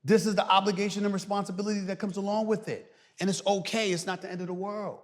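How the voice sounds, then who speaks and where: A middle-aged man as a guest commentator, talking loudly and emphatically on a podcast. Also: high-pitched, fast talker. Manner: loud, animated, preacher-like emphasis. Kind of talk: emphatic podcast interview talk. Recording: reverberant room.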